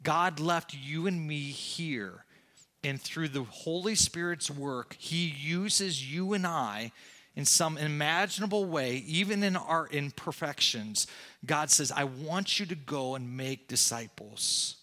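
Male pastor, slow measured delivery, impassioned sermon with big swings in volume. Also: a little high. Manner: impassioned preaching, swinging from loud to hushed.

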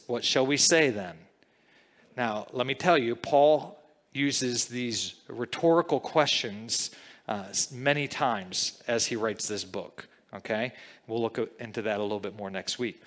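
Male pastor, unhurried sermon delivery, conversational teaching style, reverberant hall sound. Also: mid-range voice, a bit bright. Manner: conversational teaching, frequent "okay?" and "all right?" check-ins.

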